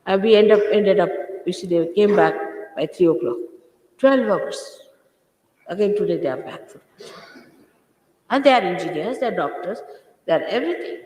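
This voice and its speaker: A woman's voice: medium pitch, animated, normal speed, long pauses, warm tone. An older woman addresses her followers in a firm, scolding tone, driving her points home by repeating them. Her voice rings through a large hall with a long, roomy reverb. The recording carries the character of an old archive tape. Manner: scolding, emphatic, repeats phrases for stress. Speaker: spiritual teacher. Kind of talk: informal spiritual talk to followers.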